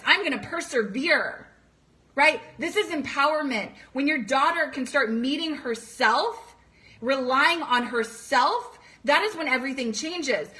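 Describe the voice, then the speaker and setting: A woman's voice: high voice, sharp tone. A young woman coach talking earnestly to parents, emphatic and direct, sometimes acting out panicked voices. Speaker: coach for teenage girls. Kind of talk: direct-to-camera talk to parents.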